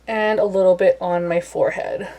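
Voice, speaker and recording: A woman's voice: on the low side, steady tone, normal speed, warm tone. A young woman chatting casually through a makeup tutorial, self-deprecating and talkative. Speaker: beauty vlogger.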